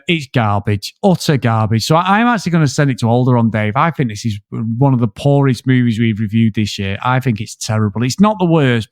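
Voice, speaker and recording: A man's voice: medium pitch, no echo. Brief: man, co-host on a film podcast, mid-range voice, blunt and ranting with lots of swearing, dry close sound. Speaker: podcast co-host reviewing films. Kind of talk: casual film review chat.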